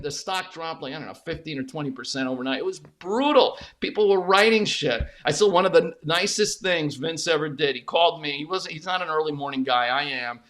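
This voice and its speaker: A man being interviewed, telling stories in a candid, emphatic way with casual swearing and frequent restarts. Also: on the high side. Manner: emphatic, profane, repeats words when animated. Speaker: interview guest, former media executive. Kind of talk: candid conversational storytelling.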